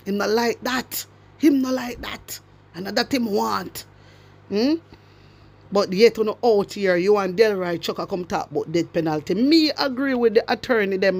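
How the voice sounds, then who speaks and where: A social media commentator with a Jamaican accent, delivering an impassioned political rant to followers and hammering home repeated rhetorical questions. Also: mid-range voice. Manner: emphatic, repeats rhetorical questions, swings between loud and hushed.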